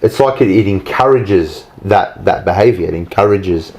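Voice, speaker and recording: A man in casual podcast conversation with a very low voice. He talks in a reflective, thoughtful manner. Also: animated, normal speed, a little mellow, low-quality recording. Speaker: podcast co-host. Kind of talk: casual chat.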